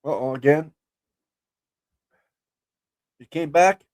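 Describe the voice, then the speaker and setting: A man's voice: on the high side, slow, a little mellow, no room sound. A man co-hosting a casual live stream, joking and self-deprecating. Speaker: show co-host.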